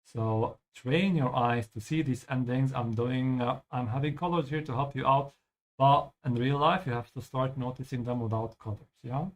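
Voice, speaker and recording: Male language teacher, patient, explanatory, frequent check-ins, mid-pitched voice. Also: fairly even intonation, normal speed. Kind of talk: explaining vocabulary over gameplay.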